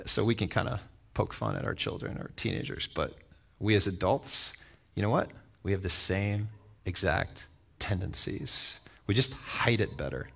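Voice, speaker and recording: A man's voice: sits low, normal speed, gravelly, breathy edge. A man preaching a sermon in a conversational way, telling stories, acting out the voices in them and asking his listeners questions. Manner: animated storytelling that acts out voices; conversational, asks the audience questions. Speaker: pastor.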